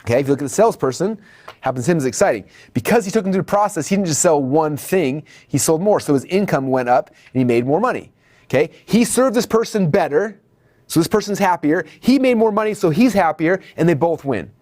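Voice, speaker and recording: A man giving a marketing lesson at a whiteboard, animated, acting out shoppers and salespeople in raised voices. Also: fairly quick, no echo, studio quality. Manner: animated, acts out customer dialogue in high voices. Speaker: marketing instructor. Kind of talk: whiteboard lecture.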